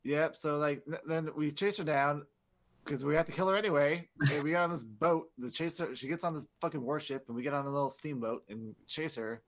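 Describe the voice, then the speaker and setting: A man's voice: fairly high pitch, a little fast. A young man chatting casually on a podcast, swearing freely and acting out characters as he retells a story. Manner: profane, animated retelling with mock voices. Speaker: podcast co-host. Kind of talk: casual chat.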